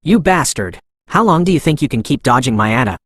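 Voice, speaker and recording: A man's voice: medium pitch, very animated, a little fast, breathy edge, no room sound, clean studio sound. A man voicing a boastful, ruthless male martial arts master in a comic recap, reading his taunts. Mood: taunting. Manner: angry, shouting taunts.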